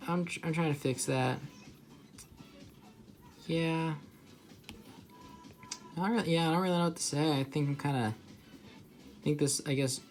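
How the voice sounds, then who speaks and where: A man's voice: fairly high pitch, darkish tone. A young man rambling casually as he draws, with many filler words and restarts. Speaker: artist vlogger. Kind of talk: casual rambling while drawing.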